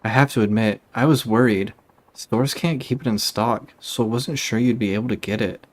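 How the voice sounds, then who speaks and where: A man's voice: medium pitch, normal speed, close to an everyday voice. A man reading aloud for a young woman, a sweet, emotional girlfriend in a video game, in a raised voice. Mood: gushing. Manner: gushing then hurt, emotional.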